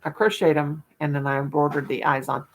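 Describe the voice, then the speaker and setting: A woman's voice: low-pitched, little pitch movement, a little fast. An older woman, hosting a casual livestream chat with viewers, folksy and self-mocking, laughing at her own jokes. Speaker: livestream host.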